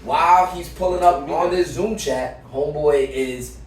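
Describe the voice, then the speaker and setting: A man's voice: on the high side, measured pace, distant mic. Man, podcast co-host, casual storytelling, slangy and profane, very roomy echo, set back from the mic, faint room hum. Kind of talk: casual chat.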